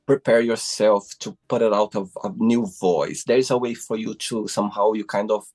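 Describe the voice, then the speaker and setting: A man's voice: lowish voice, level tone, moderate pace, a little mellow. A man hosting an interview over a video call, gushing with praise and repeating "I love it" and "wow". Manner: effusive, keeps saying "I love it" and "wow". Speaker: host. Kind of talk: interview host asking questions.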